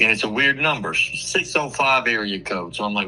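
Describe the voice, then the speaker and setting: A man tells a story on a radio show with a very bright, forceful, sharp-edged voice. He is crude and swears freely, and he delivers the tale with loose, animated energy. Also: medium pitch, brisk, rough recording. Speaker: comedian guest. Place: radio studio.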